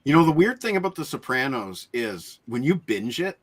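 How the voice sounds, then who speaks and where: A man's voice: mid-range voice, big pitch swings, normal speed. A man hosting a casual chat over a video call, upbeat and joking. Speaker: host.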